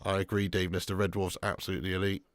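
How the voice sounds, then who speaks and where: A young man hosts a live football watch-along, chatting casually and replying to viewer comments between excited outbursts at the match. His voice is low-pitched and quick, recorded with no echo.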